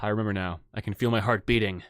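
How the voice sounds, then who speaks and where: A man's voice: on the high side, sing-song, a little fast, a bit bright, breathy edge, dry recording, clean studio sound, exaggerated voice. A man voicing a confused, shaken male president lying in a hospital bed.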